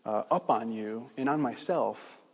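Earnest preacher in a reverberant hall. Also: male voice, mid-range voice, a little slow, breathy edge. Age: middle-aged. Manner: earnest, emphatic, with frequent restarts and fillers. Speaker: pastor. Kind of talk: sermon closing in prayer.

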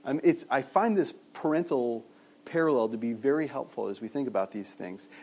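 A man's voice: mid-range voice, lively intonation, normal speed, darkish tone, slightly rough. A man preaching a sermon in a conversational way, asking the listeners questions and often restarting his sentences. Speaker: pastor.

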